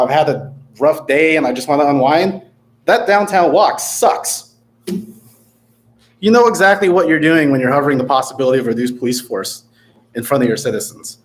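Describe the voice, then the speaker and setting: Sarcastic man at a council podium. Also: fairly high pitch. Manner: sarcastic, critical, reading from notes. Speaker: public commenter at a city council meeting. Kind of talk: prepared public comment. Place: council chamber.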